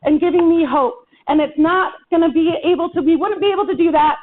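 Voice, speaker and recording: High-voiced woman rousing a rally. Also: a little fast. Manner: impassioned, rousing, folksy with y'all. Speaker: organizer opening a town hall. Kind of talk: rally speech. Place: town hall meeting room. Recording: tinny phone-like recording.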